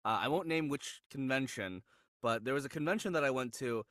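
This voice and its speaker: A voice-actor guest chatting on a podcast, his voice bright and forward, recorded close and dry with no room sound. He tells anecdotes animatedly, with frequent restarts and sudden jumps up in pitch. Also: a little fast, dry recording. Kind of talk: casual podcast chat.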